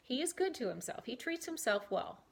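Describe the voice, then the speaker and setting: With a high, sing-song voice full of vocal fry, a woman vlogger quickly reads self-help affirmations to camera and repeats them. She then breaks off into chatty, meandering asides, captured on a camera mic.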